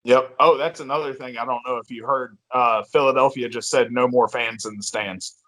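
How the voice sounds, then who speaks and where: A man's voice: mid-range voice, steady tone, moderate pace, fairly bright tone. A man co-hosting a casual sports podcast, laid-back and agreeable, often answering with a simple yep. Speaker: podcast co-host.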